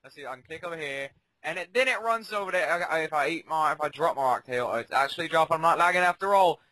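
A young man commenting on his own gameplay, muttering asides and breaking into sudden ranting shouts. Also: fairly high pitch, quick pace, no room sound, low-quality recording. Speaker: gaming commentator. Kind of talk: casual game commentary.

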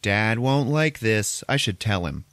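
An eerie, calm little girl who answers flatly and quietly, as a man with a very low voice quotes her in passing. The sound is close and dry. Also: a little slow, no room sound.

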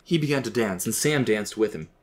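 Low-voiced male storyteller. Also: expressive, fairly quick. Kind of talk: scripted story narration.

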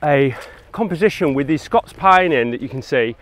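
A man's voice: a little high, animated, moderate pace, fairly bright tone, rough recording. An English man filming a casual photography vlog outdoors on a mountain, talking with enthusiasm as he hikes and shoots. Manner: enthusiastic, talks while hiking and shooting. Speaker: landscape photography vlogger.

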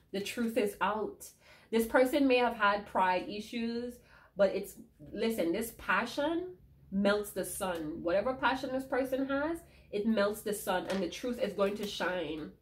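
A woman's voice: mid-range voice, lively intonation, unhurried, a little hiss or hum. Emotional woman giving a tarot reading. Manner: emphatic and emotional, repeats key lines. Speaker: tarot reader.

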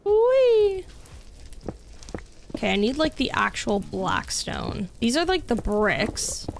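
A woman's voice: medium pitch, lively intonation, unhurried, creaky, a bit bright, slight background noise. A young woman live-streaming a game, chatting casually with lots of "like" and reacting to what happens on screen. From Canada. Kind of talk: casual live-stream chat while gaming. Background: faint background music.

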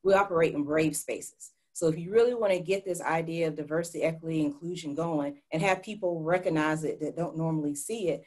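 A woman professor gives advice on an online panel in a slightly low voice. She speaks directly and with emphasis, repeating her key points. The sound comes through a video call. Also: fairly quick, hardly any pauses, a little mellow. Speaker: psychology professor. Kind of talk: webinar panel discussion.

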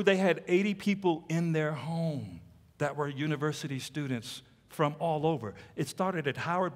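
A man preaching as a pastor, telling stories in an animated way and teasing the congregation with playful asides. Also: fairly high pitch. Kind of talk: sermon. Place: church sanctuary. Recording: long hall reverb.

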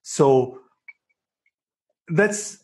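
Male host, husky, halting and affirming, casual chat. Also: a little high, expressive. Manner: warmly affirming, halting with repeated words.

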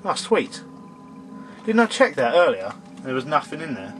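A young man talks through a horror game at an unhurried pace. His voice is fairly high and bright and swings up and down a lot as he grumbles at the ghosts and scolds them in exasperation. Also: very animated. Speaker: let's play gamer. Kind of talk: gameplay commentary.

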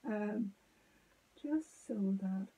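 A woman giving a step-by-step sculpting tutorial, thinking aloud as she works, halting and often dropping to a murmur. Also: mid-range voice, lively intonation, warm tone, slight background noise, rough recording. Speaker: sculpting teacher.

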